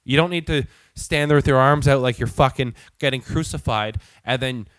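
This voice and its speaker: A man's voice: medium pitch, normal speed, a bit bright, no echo. Swearing man ranting a comic story. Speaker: show host. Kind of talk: profane comic rant.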